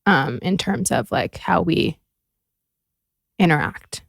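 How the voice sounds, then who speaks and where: A woman's voice: low voice, animated, takes it slowly, vocal fry, no room sound, studio quality. A young adult woman chatting as a podcast guest, talkative and full of fillers like "like" and "um". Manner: chatty, filler-heavy, giggly. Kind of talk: casual chat.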